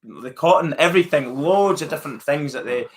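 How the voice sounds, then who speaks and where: This Scottish host has a slightly high, expressive voice and talks a little fast. Casually answering his live chat, he muses aloud to viewers with plenty of fillers and restarts in his Scottish accent.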